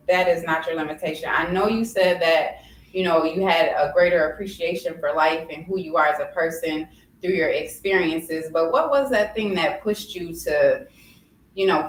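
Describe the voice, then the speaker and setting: A woman hosting a casual interview, asking careful, encouraging questions. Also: fairly low pitch. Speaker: host. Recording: roomy with faint noise.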